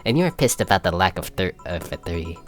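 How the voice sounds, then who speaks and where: A man voicing a calm young woman who lost her sister, speaking in a measured, soft, explanatory way in a fan reading of a visual novel. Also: sits low, soft background music. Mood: fond.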